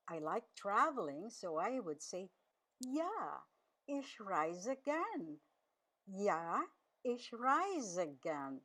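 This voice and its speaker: A woman teaching a radio language lesson, enunciating slowly and carefully and repeating each word. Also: medium pitch, big pitch swings.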